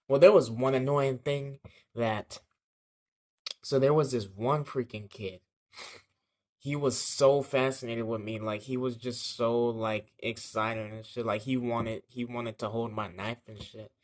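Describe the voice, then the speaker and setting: Young man, mid pitch, telling a casual vlog story that rambles with slang, fillers and swearing. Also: steady tone, unhurried, a little mellow.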